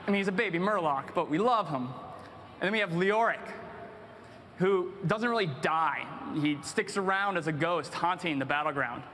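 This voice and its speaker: Casting: high, bright-toned man, excited game designer on a convention stage. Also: slight background noise. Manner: excited, animated storytelling. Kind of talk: convention panel presentation. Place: large convention hall stage.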